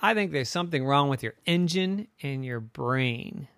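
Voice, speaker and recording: A man voicing Little Red Riding Hood as a small, plucky girl car in a bedtime story, earnest and squeaky. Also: lively intonation, moderate pace, creaky, fairly bright tone, dry recording, studio quality. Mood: scolding.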